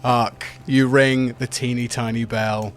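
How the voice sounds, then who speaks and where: A man's voice: mid-range voice, flat delivery, measured pace. Man, game master, playful teasing narration, tabletop game podcast. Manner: playful, teasing, describes scenes vividly.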